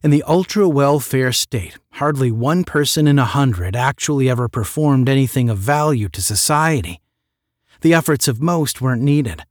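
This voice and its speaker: A man reading a science fiction short story aloud in a measured, steady narrating voice. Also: mid-range voice, no echo, studio quality. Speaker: audiobook narrator.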